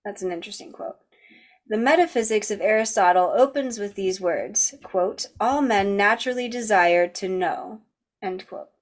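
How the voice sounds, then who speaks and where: A woman hosting a book club, reading a philosophy text aloud at an even pace and breaking off now and then for casual chatty asides. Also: mid-range voice, normal speed.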